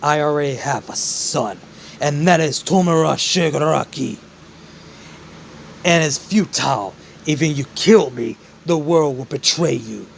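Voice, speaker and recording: A man voicing a cold, disappointed supervillain father who lectures calmly, for a fan-made story. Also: fairly high pitch, measured pace, creaky, slight background noise.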